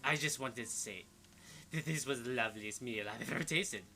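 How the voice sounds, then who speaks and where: A man's voice: mid-range voice, normal speed, pushed and bright, slight background noise. A man voicing a gushing, scheming young lady of a rich household. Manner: gushing, syrupy.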